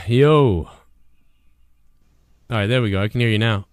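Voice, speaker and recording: A man hosting a casual livestream show, rambling and swearing a lot, with a hoarse voice. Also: mid-range voice, slow pace, no echo. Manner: profane, rambling and animated. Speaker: show host.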